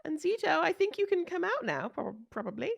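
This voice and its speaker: A woman's voice: very high voice, big pitch swings, brisk, creaky. A woman playing a tabletop game, speaking in a soothing, fluttery, giggly way. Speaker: player. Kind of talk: casual tabletop play.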